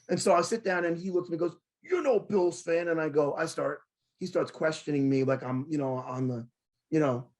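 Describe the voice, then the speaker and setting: A man hosting a sports talk show, telling a long story in a casual, excitable way and quoting arguments he had. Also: a little high. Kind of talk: animated storytelling in casual chat.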